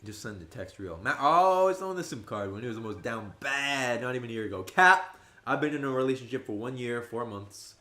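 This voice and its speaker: An animated young man in his twenties, talking casually as he streams a game. His voice sits at an ordinary middle pitch, and he leaps up high and loud whenever he quotes his friends. The room gives the sound a roomy echo. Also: brisk. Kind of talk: casual livestream chat.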